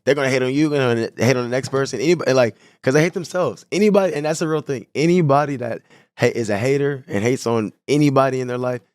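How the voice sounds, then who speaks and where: Young man, podcast guest, rapid slangy storytelling, dry close recording. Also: medium pitch, no echo. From San Diego, California. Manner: laid-back slang-heavy storytelling. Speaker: guest, clothing brand owner. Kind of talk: casual podcast interview.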